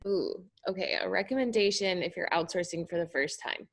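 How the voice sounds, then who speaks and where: A woman, a photographer guest, answering slowly and thoughtfully over a video call. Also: on the low side. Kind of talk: webinar round-table discussion.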